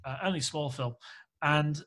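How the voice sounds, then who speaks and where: Male filmmaker guest from Australia, candid, lively storyteller, fairly high voice. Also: unhurried. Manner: candid, animated anecdote-teller who acts out quoted speech. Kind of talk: casual podcast interview storytelling.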